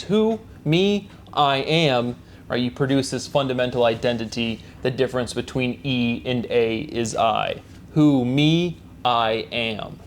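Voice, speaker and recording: A man's voice: medium pitch, a little hiss or hum. A man hosting his own solo series, talking in a repetitive way and chanting rhetorical questions and stock phrases. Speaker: host of a solo word-derivation series. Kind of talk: solo spoken monologue.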